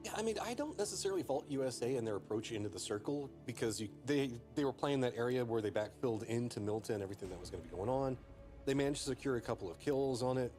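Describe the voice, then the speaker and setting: A man analysing esports matches on a live panel. He talks very fast in long, analytical runs, with a mid-range voice. Faint music runs beneath him. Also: medium pitch, animated, darkish tone. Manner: rapid, analytical breakdowns.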